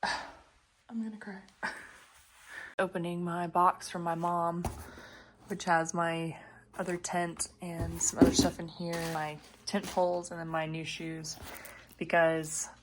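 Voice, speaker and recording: A woman hiker chatting casually to her phone camera, gushing and often dropping into a hushed half-whisper. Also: on the low side, completely flat delivery, unhurried, slight background noise. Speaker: long-distance hiker vlogging. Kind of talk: casual vlog chat.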